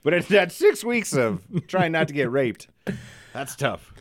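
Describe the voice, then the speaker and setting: A man's voice: a little high, very animated, unhurried, no room sound, clean studio sound. A middle-aged man from the American Midwest, co-hosting a podcast in a casual, profane, joking rant. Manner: profane, ranting, jokey. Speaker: podcast co-host. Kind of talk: casual chat.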